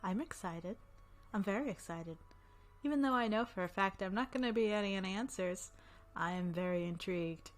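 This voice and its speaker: A woman's voice: mid-range voice, lively intonation, brisk, faint music behind. A woman casually chatting as she hosts a visual novel playthrough at her desk mic, upbeat and rambling, with frequent coughs. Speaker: let's play host. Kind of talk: casual gameplay commentary. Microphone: desk microphone.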